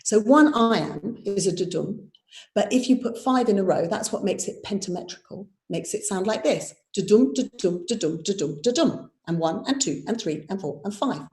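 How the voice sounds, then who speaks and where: A woman's voice: mid-range voice, animated, normal speed, a little mellow. A woman, a theatre director leading a live online workshop, explaining verse and tapping out its rhythm aloud. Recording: roomy echo.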